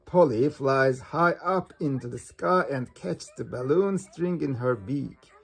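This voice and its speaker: Slow gravelly man reading a storybook. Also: mid-range voice. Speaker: storybook reader. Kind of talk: reading a children's storybook aloud.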